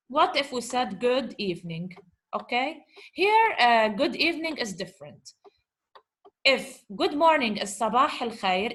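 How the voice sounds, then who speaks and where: Higher-voiced woman teaching Arabic words. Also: fairly bright tone. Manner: asks and answers her own questions, repeats herself; talks to her class as guys. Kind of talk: explaining vocabulary from a lesson dialogue.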